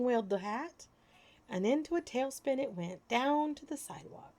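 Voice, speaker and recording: A woman storyteller reading children's stories aloud with lively, sing-song expression. Her voice sits fairly high with a gravelly, creaky texture. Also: normal speed.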